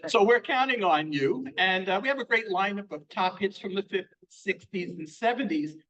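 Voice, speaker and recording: A man's voice: high-pitched, expressive, moderate pace, a bit bright, highs cut off. An older man hosting a community sing-along, chatty and joking about his own memory. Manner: chatty, joking, self-deprecating.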